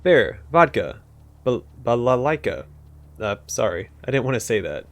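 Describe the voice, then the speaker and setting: A man voicing a nervous male clerk who keeps bursting out with shouted word lists and then apologizes. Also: on the low side, expressive, quick pace, natural voice. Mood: twitchy.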